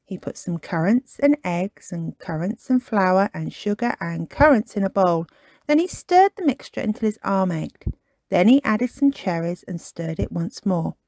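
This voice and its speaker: A woman reading a children's picture book aloud in an expressive, animated way as a storytime host. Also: medium pitch, moderate pace, no room sound. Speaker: storytime reader.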